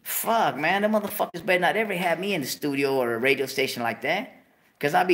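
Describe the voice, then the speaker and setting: A man's voice: a little high, fast, fairly bright tone. A man hosting his own show, ranting heatedly, swearing constantly and repeating himself. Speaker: host. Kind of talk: profane monologue rant.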